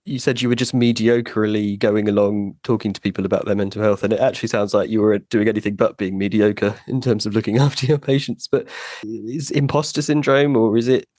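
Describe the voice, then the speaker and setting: Low-voiced man hosting an interview. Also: steady tone, a little fast, few pauses, a little mellow, no echo, studio quality. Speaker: podcast host, physician associate. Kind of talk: interviewer asking questions.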